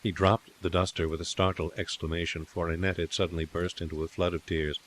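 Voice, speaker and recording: A man narrating a classic short story in a steady, measured reading. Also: low voice, a little hiss or hum.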